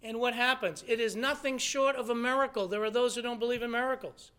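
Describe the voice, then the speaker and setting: Bright high-voiced preaching man. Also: fairly even intonation, fast talker, smooth. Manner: emphatic preaching with rhetorical questions. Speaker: pastor. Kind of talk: sermon.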